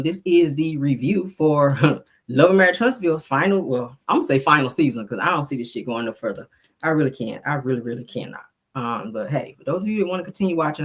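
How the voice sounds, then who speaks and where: A middle-aged woman talks through a reality show recap in a sassy, chatty way. Her voice sits fairly low and sounds a little stuffy from a cold. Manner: chatty, sassy, says "child" and "y'all" a lot. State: slightly congested from a cold. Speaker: reality TV review host. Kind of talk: casual recap commentary.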